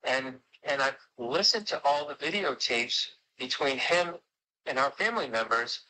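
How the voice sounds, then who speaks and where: A man's voice: mid-range voice, animated, measured pace, pushed and bright, slight background noise, low-quality recording. A man on a livestream, talking insistently and pleading to be heard. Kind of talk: heated call-in talk.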